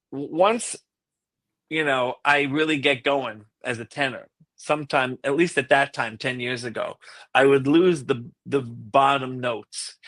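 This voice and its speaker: A man who is a classical tenor, telling a lively story as a podcast guest. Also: mid-range voice, no echo. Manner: animated storyteller who acts out quotes. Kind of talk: casual anecdote on a podcast.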